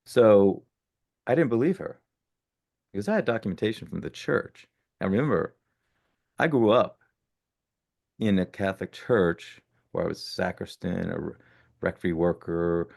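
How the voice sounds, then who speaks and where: Deep gravelly man in his sixties. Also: normal speed, long pauses. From born in Italy, raised in the United States. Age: 60s. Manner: animated, self-correcting storyteller. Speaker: podcast guest. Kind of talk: casual storytelling interview.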